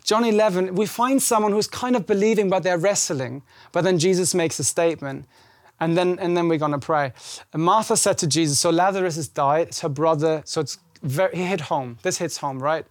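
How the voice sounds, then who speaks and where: A man with a high voice preaching a warm, conversational sermon. He talks animatedly and acts out the scripture dialogue. The sound is close and dry, with no room echo. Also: fairly quick. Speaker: pastor. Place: church service.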